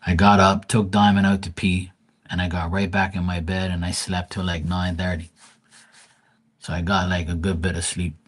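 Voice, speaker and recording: A man with a low, husky voice chats loosely on a live stream. He reads tarot cards for viewers and calls out their names as he goes. His talk is casual and sprinkled with mild swearing. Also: little pitch movement, normal speed.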